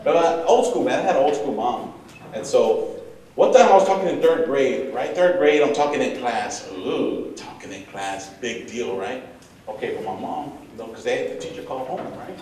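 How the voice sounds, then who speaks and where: A man giving a motivational talk to students, telling lively stories and acting out his mother. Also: medium pitch, moderate pace. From United States, of Mexican parents. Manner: lively storytelling, acts out his mom. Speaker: bullying prevention speaker. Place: large echoey room before an audience. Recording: echoey room, picked up from far off, noisy.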